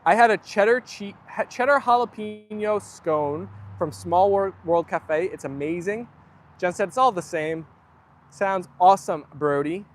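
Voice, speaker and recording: A man's voice: high voice, unhurried. A young man hosting a casual livestream, chatting loosely and reading viewer comments aloud. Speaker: livestream host.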